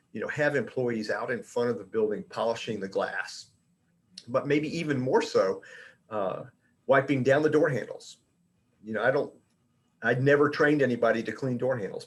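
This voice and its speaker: A middle-aged man with a mid-range voice presenting to his industry colleagues. He talks loosely and conversationally, often pausing on fillers and restarting his sentences. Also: mid-range voice. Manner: addresses colleagues directly. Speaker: industry education director giving a talk. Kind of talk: informal presentation.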